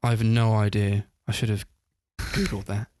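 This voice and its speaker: Male podcast co-host with a low voice and a dry, close sound. Loose, rambling, laughing film recap. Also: flat delivery, normal speed, a little mellow, no echo. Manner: rambling, full of "like" fillers, laughs while retelling scenes. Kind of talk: casual film review chat.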